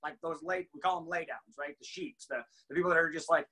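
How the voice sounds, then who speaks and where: A young adult man giving a casual motivational training talk, animated and laughing, acting out quotes. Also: fairly high pitch, fast talker, few pauses, rough recording. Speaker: team trainer.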